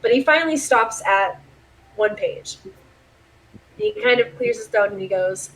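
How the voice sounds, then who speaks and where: A woman runs a tabletop game online, chatting casually between bits of narration. She laughs often and swears freely. Her voice sits at a middle pitch. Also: animated, moderate pace, pauses often, low-quality recording. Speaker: game master.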